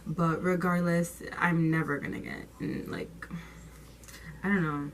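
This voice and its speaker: A woman's voice: fairly low pitch, unhurried, a little hiss or hum, poor audio. A young woman vlogger telling a storytime tale in slangy, casual talk, swearing freely and acting out what people said. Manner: animated, slangy, swears freely, acts out quotes.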